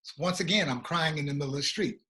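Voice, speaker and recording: American guy telling his story, earnest and reflective, a bit high-pitched. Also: pushed and bright. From USA. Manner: earnest, reflective, slow at emotional moments. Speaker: guest, regional coordinator. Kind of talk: personal storytelling in a conversation.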